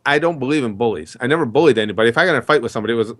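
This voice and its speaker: A middle-aged man settles into a long, rambling story, acting out what everyone said. His pitch sits in an ordinary middle range, and the delivery stays chatty and unhurried. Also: animated. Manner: chatty, rambling storyteller who acts out dialogue. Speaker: interview guest. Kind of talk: storytelling in a casual interview.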